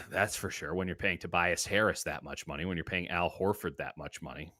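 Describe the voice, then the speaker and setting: A man's voice: low voice, normal speed, bright, forceful tone, no echo, clean studio sound. A man hosting a sports betting show, giving his picks in casual talk and riffing with comic exaggeration. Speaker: sports betting podcast host.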